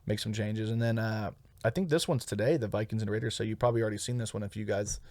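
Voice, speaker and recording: A man's voice: on the low side, quick pace, a little mellow, no echo. A man co-hosting a comedy podcast in casual, rambling chat, swearing freely and laughing often. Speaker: podcast co-host.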